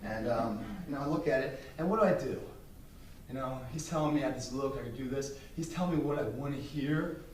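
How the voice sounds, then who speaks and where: A man's voice: medium pitch, brisk, darkish tone. A man giving a motivational speech to an audience, telling stories in a blunt, profane and emphatic way. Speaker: invited speaker. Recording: roomy sound from a distant mic, faint noise.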